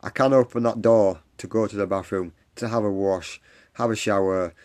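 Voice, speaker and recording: Earnest low-voiced man. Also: steady tone, moderate pace, a little mellow. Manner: earnest, repetitive pep talk, reads and answers comments. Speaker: live stream host for a support group. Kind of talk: encouraging livestream talk. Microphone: phone or webcam on a live stream.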